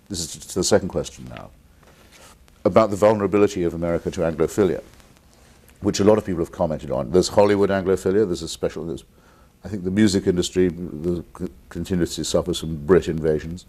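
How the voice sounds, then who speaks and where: An English man, an author who is the guest on a call-in television interview, speaking deliberately and articulately with blunt opinions. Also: low voice, darkish tone. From England.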